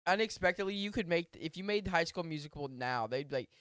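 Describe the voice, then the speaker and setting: High, smooth-voiced man on a podcast. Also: lively intonation, fast, a bit bright, dry recording, studio quality. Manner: goofy, swears freely, slips into mock voices. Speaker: podcast co-host. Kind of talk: casual comedic banter.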